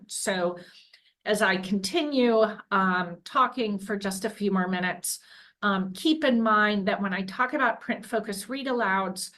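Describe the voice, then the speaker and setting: An education researcher explains her early literacy work in a mid-range, fairly bright voice, speaking earnestly and carefully. She often corrects herself mid-phrase, and the recording is low quality.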